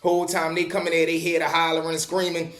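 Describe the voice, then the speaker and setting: A man's voice: on the high side, monotone, fast, a bit bright. A man telling a prison story in casual street slang, swearing freely. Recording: echoey room.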